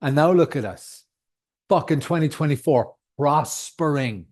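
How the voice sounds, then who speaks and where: A man's voice: fairly high pitch, animated, unhurried, a little mellow. A man in his thirties, not from the United States, hosting a solo podcast in a heated, emphatic rant full of swearing. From outside the United States. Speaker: podcast host.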